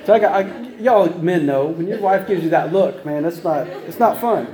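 A man's voice: a little high, lively intonation, normal speed, dark tone, echoey room, poor audio. A man preaching a casual sermon, chatty and folksy, with many restarts and laughing at himself as he tells stories.

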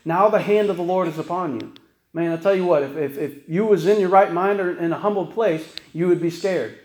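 A man's voice: sits high, a little fast, a little mellow. A man preaching a conversational sermon, telling stories with frequent asides to the congregation. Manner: folksy storytelling, frequent "right?" asides. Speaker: pastor. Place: church sanctuary. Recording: echoey church room.

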